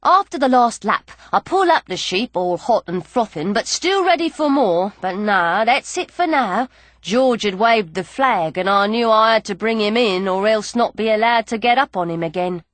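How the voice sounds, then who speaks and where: Woman reading a novel out loud, playful, bouncy voice, dry close mic. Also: medium pitch, animated, moderate pace, no room sound. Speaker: audiobook narrator. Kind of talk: first-person audiobook narration.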